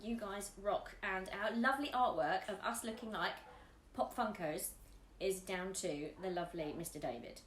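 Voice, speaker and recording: A woman's voice: moderate pace, few pauses, echoey room, slight background noise. Chatty woman vlogging. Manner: chatty and giggly, drifting up and down in pitch. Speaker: YouTube vlogger, co-host. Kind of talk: casual chat answering a tag.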